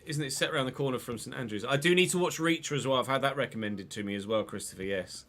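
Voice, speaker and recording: A man with a cough, streaming a football game and commentating live, excitable and swearing freely while chatting to viewers. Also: medium pitch, quick pace. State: unwell, coughing. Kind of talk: live gameplay commentary and casual chat.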